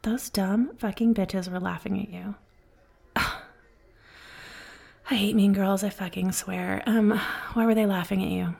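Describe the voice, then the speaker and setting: A flirty, caring bartender, played by a woman in a whispered role-play, her voice gravelly and breathy. She speaks in an unhurried, hushed way, soothing and teasing at once, at a middling pitch. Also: steady tone. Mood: tender. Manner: soft, slow, soothing, teasing.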